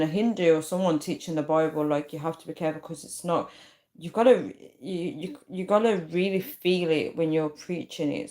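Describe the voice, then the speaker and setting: A woman hosting a livestream, talking loosely to her viewers and answering their comments. Her voice sits fairly low for a woman, and she often trails off and starts over mid-sentence. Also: a little mellow. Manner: chatty, trails off and restarts, reads comments aloud. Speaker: YouTube live streamer. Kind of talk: casual live-stream chat reading comments.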